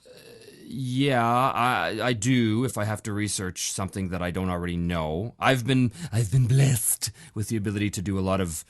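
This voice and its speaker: A man's voice: on the low side, normal speed, no echo, clean studio sound. A man hosting a podcast, chatting casually and joking between listener questions. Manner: joking, playful, breaks into laughter. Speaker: podcast host. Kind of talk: casual chat, reading listener emails.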